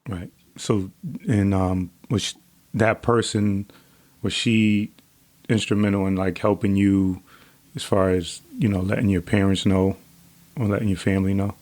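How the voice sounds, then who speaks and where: Male podcast host, lowish voice, halting and gentle as he asks questions. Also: level tone. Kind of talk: interview questions.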